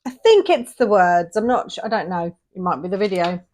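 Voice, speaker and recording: A woman from England, reading tarot cards in a casual video. She talks in a chatty, rambling way, drifts off-topic and loses her thread, and slows down while counting out the cards. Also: mid-range voice, expressive, a little mellow, slight background noise. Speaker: tarot reader.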